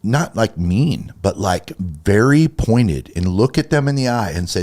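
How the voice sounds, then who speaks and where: A man's voice: lowish voice, big pitch swings, a little slow, few pauses, darkish tone. A man co-hosting a Christian talk show, getting heated and emphatic as he acts out little quoted conversations. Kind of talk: casual faith talk, preachy.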